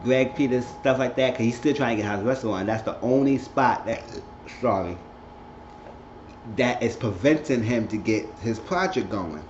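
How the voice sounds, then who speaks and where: A man's voice: medium pitch, normal speed. A man giving a casual, slangy recap of a TV episode, acting out the characters' lines as he tells it. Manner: animated, slangy storytelling with quoted dialogue. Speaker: recap vlogger. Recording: muffled echoey room, faint hum.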